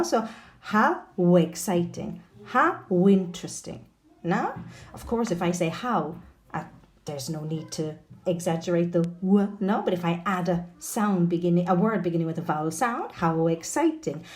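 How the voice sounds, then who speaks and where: A woman teaching pronunciation with a very lively, swooping pitch. Her voice is mellow and warm. She models exaggerated intonation and often asks "no?". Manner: animated, checks in with a frequent "no?"; exaggerates stressed syllables when modelling. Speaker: English teacher.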